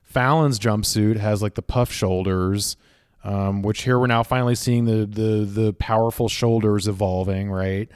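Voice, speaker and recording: Thoughtful man, lowish voice, dry. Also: fairly even intonation, a little slow, a little mellow, smooth, no echo. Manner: thoughtful, lots of fillers, analytical about costumes. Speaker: podcast co-host. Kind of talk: casual podcast discussion.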